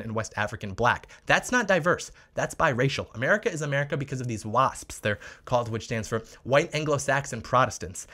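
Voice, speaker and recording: Male commentary host, quick and bright-toned, sarcastic and combative. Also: mid-range voice. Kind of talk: scripted political commentary.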